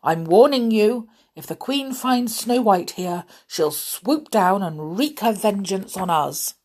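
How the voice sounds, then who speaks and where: A woman voicing a grumpy little male dwarf who speaks in a blunt, loud, scolding way while reading a storybook aloud. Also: medium pitch, expressive, slow.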